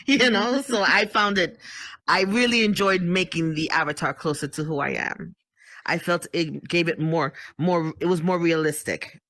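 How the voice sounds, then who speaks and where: A woman's voice: on the low side, normal speed, a bit bright, dry recording. A middle-aged woman chatting casually as a guest, full of "you know" fillers. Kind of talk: casual chat.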